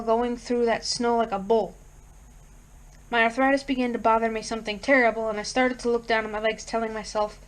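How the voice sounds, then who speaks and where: A woman reads a horror story aloud in a fairly high voice. Her narration is steady and expressive, in a storytelling style with a first-person narrator. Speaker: reader.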